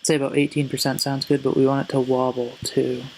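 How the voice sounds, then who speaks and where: A man giving a casual music production tutorial, relaxed and hesitant, often correcting himself as he goes. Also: medium pitch, brisk, poor audio. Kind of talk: casual screen-recorded tutorial. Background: faint synth sounds.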